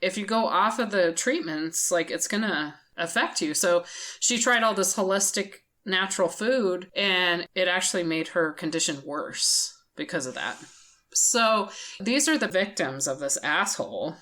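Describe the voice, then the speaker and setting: A woman's voice: on the low side, lively intonation, unhurried, a bit bright. A woman co-hosting a podcast in casual chat, blunt and indignant, swearing freely. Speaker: podcast co-host.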